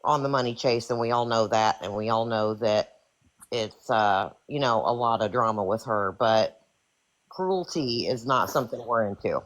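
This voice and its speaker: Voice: medium pitch, normal speed, low-quality recording. A participant in a casual live group chat, speaking in an insistent, scolding way.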